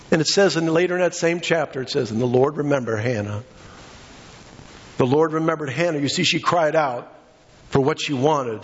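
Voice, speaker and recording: A man's voice: on the high side, moderate pace, lo-fi sound. A man preaching a sermon with passion, acting out the voices of the people in his story. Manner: impassioned, acts out quoted voices.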